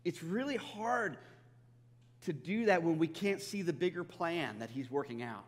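A man's voice: on the high side, lively intonation, unhurried, big-room sound. A man preaching a sermon, in an earnest, conversational style, often restarting his phrases and acting out what people say. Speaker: pastor.

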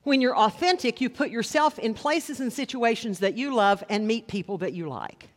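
A man preaching a sermon as a pastor, conversational with wry asides, slowing down to stress key lines. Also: extremely high pitch. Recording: long reverb of a large hall.

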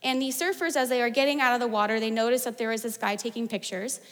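A woman's voice: fairly high pitch, fairly even intonation, fast talker, a bit bright, long reverb tail. A woman pastor from the United States preaching a sermon in a chatty, storytelling way. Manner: conversational, storytelling with fillers like "like".

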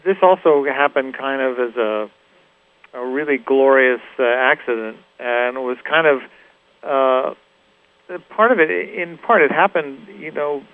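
A middle-aged man chats as an interview guest, his voice of ordinary middle pitch. He tells long anecdotes at an easy pace, full of fillers and restarts. The feel is loose and conversational. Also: a little slow, phone-quality sound. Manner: relaxed, rambling anecdotes with many fillers and restarts. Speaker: guest musician, guitarist. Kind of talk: casual interview storytelling.

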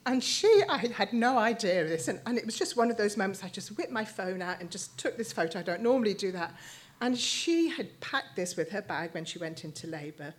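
A woman, sharing a personal story in a sermon, halting and emotional, with many restarts. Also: medium pitch, animated. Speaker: speaker at church.

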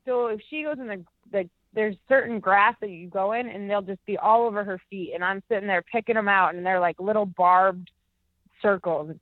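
A woman's voice: medium pitch, normal speed, dry recording. Young woman rambling thru a story on a phone call, tons of "like", sounds thin and phone-y, totally dry. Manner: chatty, rambling, filler-heavy with many "like"s. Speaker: interview guest. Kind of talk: casual storytelling on a phone interview. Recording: tinny dry phone line.

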